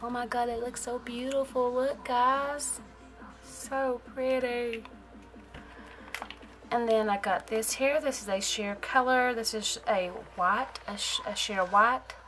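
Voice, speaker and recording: A woman chatting casually in a haul vlog, gushing and excitable and repeating her exclamations. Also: on the high side. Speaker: nail art vlogger.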